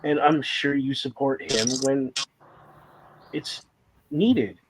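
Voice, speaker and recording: Speaking slowly over background noise, a man with a medium-pitched voice opens up as a guest in a casual conversation. His personal story comes out candid and emotional, padded with rambling fillers, and at moments he fights back tears.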